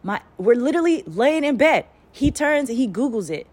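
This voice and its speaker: A woman's voice: a little high, normal speed. A woman talking casually as a spiritual channeler, rambling and swearing as she tells a story with lots of energy. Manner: profane, rambling, animated storytelling.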